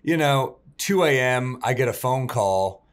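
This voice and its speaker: A man's voice: mid-range voice, unhurried, smooth. Profane, storytelling male comedian. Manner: profane, animated storyteller who acts out others. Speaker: podcast co-host. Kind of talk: casual comedy podcast chat.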